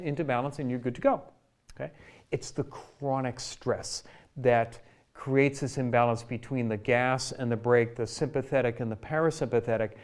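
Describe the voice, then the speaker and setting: A male chiropractor talks through a health lesson from his office. His delivery is relaxed and conversational, with examples and frequent check-ins like "right?" and "okay?". His voice sits at an ordinary middle pitch for a man. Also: clean tone. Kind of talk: educational health talk to camera.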